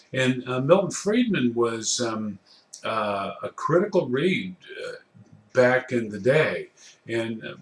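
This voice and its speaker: A middle-aged man giving a recorded ethics course lecture, speaking slowly with frequent pauses and fillers. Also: medium pitch, a bit bright, roomy sound. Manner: slow, hesitant, many fillers. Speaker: college ethics instructor.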